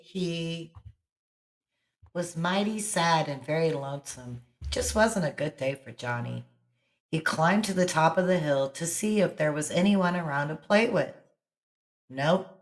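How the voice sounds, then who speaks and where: A woman hosting her channel and reading a bedtime story aloud in a slow, expressive way. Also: on the low side. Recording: roomy echo.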